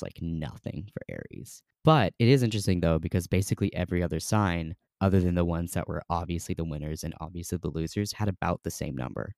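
A man's voice: sits low, vocal fry, a little mellow, no echo, studio quality. A young man hosting a podcast in a casual, rambling way, full of "um" and "like". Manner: chatty, rambling, many fillers. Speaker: podcast host.

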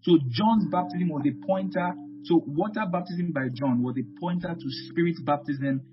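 A pastor whose voice sits on the high side delivers a Bible teaching sermon at a moderate pace. The recording is muffled and lo-fi with guitar music, and he preaches emphatically, repeating key phrases and often calling out amen.

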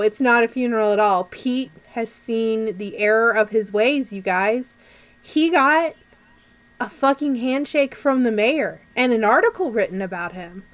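A young woman co-hosting a podcast, casually recapping a movie in an animated, sarcastic way and swearing freely. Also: a little high. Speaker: podcast co-host.

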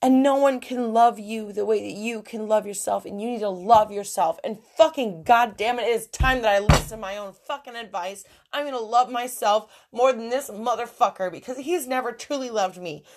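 A young woman hosting a solo podcast, talking bluntly and emotionally with lots of swearing, ranting loudly and then dropping into quiet asides. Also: fairly high pitch, normal speed, hardly any pauses. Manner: profane, blunt, emotional, swinging between rants and quiet asides. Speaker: podcast host. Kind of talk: candid solo podcast monologue.

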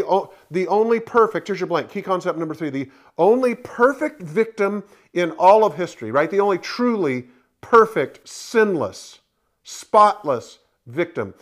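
Male pastor, high voice, emphatic sermon delivery, repeats key lines for the notes. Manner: emphatic, repeats key points, fills in blanks for listeners.

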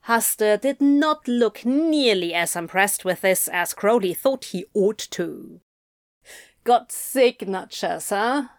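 A woman narrating a story aloud in a measured, wry manner. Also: medium pitch, dry recording, clean studio sound. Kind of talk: audiobook narration.

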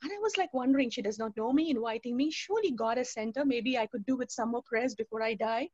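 A woman's voice: fairly high pitch, fast, darkish tone, no room sound, muffled recording. Woman telling a vivid faith testimony. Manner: storytelling, acting out quoted dialogue. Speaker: speaker giving a personal testimony. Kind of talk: spoken testimony to a youth webinar.

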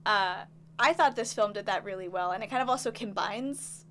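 A woman's voice: mid-range voice, moderate pace, a bit bright, slight background noise. A young woman hosting a film podcast in casual chat, bubbly and laughing often. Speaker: podcast host.

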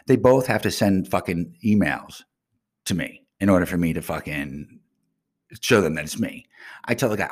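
A man's voice: deep voice, expressive, moderate pace. A man ranting furiously to his viewers in a casual vlog, swearing nonstop and flaring into angry outbursts. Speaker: vlogger.

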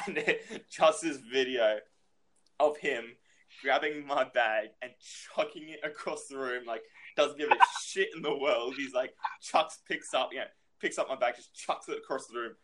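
A man's voice: medium pitch, pushed and bright. Swearing, rambling man telling a story. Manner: rambling, swears freely, many fillers. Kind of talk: casual storytelling chat.

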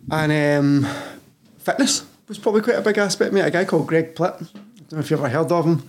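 As a podcast guest, this Scottish man in his thirties, a personal trainer, chats casually and frankly, cursing freely and calling the host "mate" nonstop. He talks fast, with a slightly rough voice on the high side.

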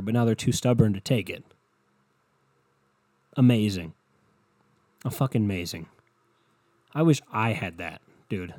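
Here a young podcast host goes on a solo rant, blunt and rambling, with plenty of swearing. The recording is dry, and his mid-range voice has a dark tone.

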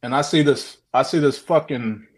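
A man telling his own odd sighting story on a call, animated, swearing often and repeating himself. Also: medium pitch, moderate pace. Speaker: guest sharing a sighting story. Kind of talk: casual storytelling on a video call show.

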